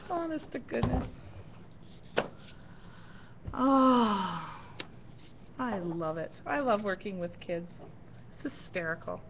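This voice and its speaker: A Canadian woman in middle age hosts a casual craft livestream, speaking extremely slowly in a mid-range voice with long pauses. She tells a story while working, animated and giggly, laughing often. The stream audio is dull, lo-fi, and faintly noisy.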